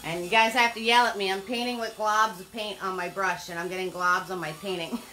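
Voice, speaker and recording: A woman's voice: medium pitch, fairly even intonation, a little fast, pushed and bright, soft background music. An older woman giving a live painting lesson, upbeat, chatty and encouraging. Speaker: painting instructor.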